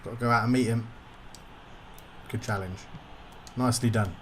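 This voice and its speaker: A man's voice: mid-range voice, steady tone, moderate pace, a little hiss or hum. A man commentating his own football video game session, getting frustrated and swearing at the game. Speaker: gaming YouTuber.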